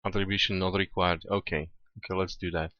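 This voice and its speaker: A man's voice: low-pitched, level tone, fairly quick, no room sound, highs cut off. A man, not a native English speaker, chatting casually on a live stream while programming, hesitant, with many restarts and fillers. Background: faint music playing.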